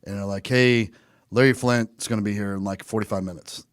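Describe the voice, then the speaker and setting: A man's voice: fairly low pitch, fairly even intonation, brisk, dry recording, clean studio sound. Profane, rambling male podcast co-host. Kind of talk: casual chat.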